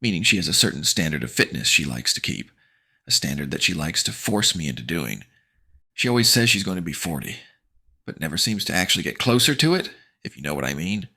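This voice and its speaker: A man's voice: sits low, lively intonation, a little fast, creaky, pushed and bright, husky. A man narrating a horror-comedy audiobook in first person as a sarcastic teenage boy, with slangy, wry asides. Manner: sarcastic slangy teen banter.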